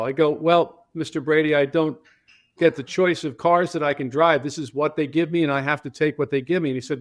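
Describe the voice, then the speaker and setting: An older man, a transportation company founder, telling a story on a podcast in a casual, animated way and acting out the voices of the people he quotes. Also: on the high side, normal speed.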